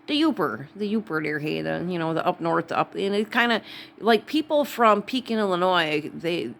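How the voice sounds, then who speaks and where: Wisconsin lady vlogging, goes off on tangents, kinda gravelly fry in her voice. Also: fairly low pitch, lively intonation, moderate pace, a bit bright. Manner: rambling, digressive, full of asides. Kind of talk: casual rambling monologue.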